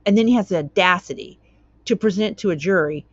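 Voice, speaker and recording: A woman's voice: medium pitch, fairly quick, dry recording, highs cut off. A woman hosting her own channel, reading a court document aloud and commenting on it in a chatty way, tripping over words and wandering into tangents.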